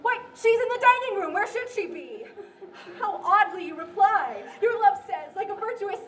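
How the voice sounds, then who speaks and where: An eager young woman in love as an actress plays her, pleading and impatient. The voice is very high and unhurried. It is heard from afar on an echoey outdoor stage, with faint music behind. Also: expressive. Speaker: stage actor. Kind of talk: live outdoor theater acting and singing. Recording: distant echoey live stage recording with music.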